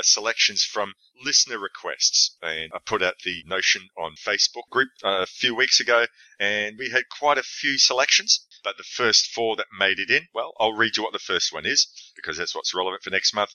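Deep-voiced man hosting a podcast. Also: no room sound, rough recording. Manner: relaxed, rambling, with stumbles and restarts. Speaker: podcast host. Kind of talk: casual chat.

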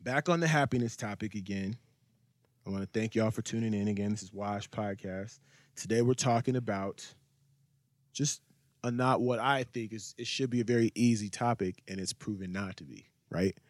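A man hosting a podcast in casual group chat, excitable and prone to stammering and repeating himself. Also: lowish voice, moderate pace, no echo, clean studio sound. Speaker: podcast host.

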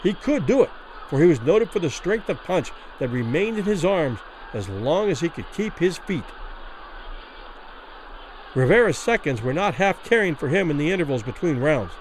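A man reads a classic boxing story aloud with dramatic, expressive delivery. His voice sits a little higher than most men's and rises and falls in lively waves. The pace follows the tension of the fight. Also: moderate pace, a little hiss or hum, low-quality recording. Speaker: narrator. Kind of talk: dramatic audiobook narration.

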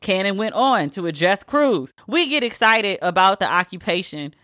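A woman hosting a podcast, giving blunt, profane commentary with sudden high squeals. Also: expressive, normal speed, a bit bright, no echo, clean studio sound. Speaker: podcast host. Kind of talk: casual commentary.

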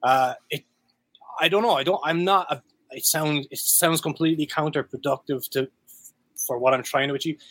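A man's voice: on the high side, normal speed, fairly bright tone, no echo. Rambling Irish man with a dry sound. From Ireland. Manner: rambling, laughs often, swears freely. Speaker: guest musician. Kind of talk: casual chat.

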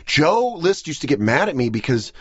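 Animated young male comedian, rambling. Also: fairly high pitch, normal speed, husky, dry recording, highs cut off. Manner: animated, rambling, self-deprecating. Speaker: comedian guest. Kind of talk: casual podcast conversation.

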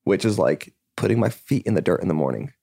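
Fast-talking young man, dry close sound. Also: deep voice, animated, creaky, warm tone, husky, no room sound. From California. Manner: rapid, rambling, peppered with "like" and swearing, acts out his own past dialogue. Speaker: musician guest. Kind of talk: candid casual chat.

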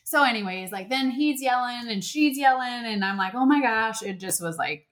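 A woman co-hosting a podcast, telling a story in a casual, animated way and acting out what people said. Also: a little high, normal speed. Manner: animated, acts out quotes in character voices. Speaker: podcast co-host.

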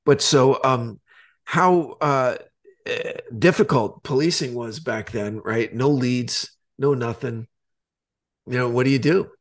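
A man co-hosting a podcast, retelling a TV scene in loose, animated chat and swearing casually. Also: mid-range voice, slow. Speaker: podcast co-host.

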